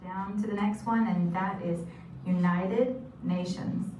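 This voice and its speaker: A woman's voice: mid-range voice, fairly even intonation, warm tone. Patient woman teaching signs in an echoey room. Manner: patient, repeats each term slowly. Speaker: sign language teacher. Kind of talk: instructional explanation. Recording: echoey room from a distance with noise.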